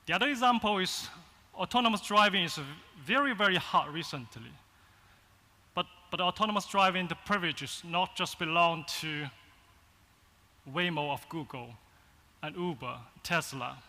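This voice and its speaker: Chinese-accented guy giving a keynote, choppy phrases, high bright voice, big echoey hall. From China. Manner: halting short phrases with fillers. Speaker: agency founder, keynote speaker. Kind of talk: conference keynote speech. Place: large conference hall. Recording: long reverb in a conference hall.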